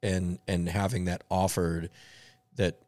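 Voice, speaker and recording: A man's voice: sits low, flat delivery, takes it slowly, a little mellow, no room sound. A man telling an earnest story in a casual podcast chat.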